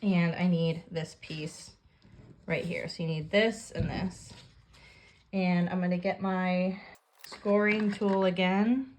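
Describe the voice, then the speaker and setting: Calm lower-voiced woman teaching a craft. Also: slow pace, slight background noise. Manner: calm step-by-step instructions while working. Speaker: craft tutorial host. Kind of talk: hands-on craft tutorial.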